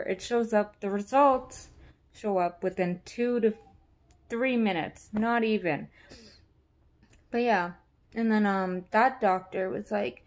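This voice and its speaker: A young woman talking candidly and rambling with lots of fillers in a casual vlog. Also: medium pitch. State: pregnant. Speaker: vlogger.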